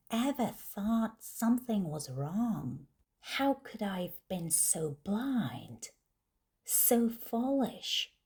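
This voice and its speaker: A woman narrating a first-person story slowly and deliberately for English learners. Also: fairly low pitch, a little mellow. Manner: slow, clear, deliberate reading.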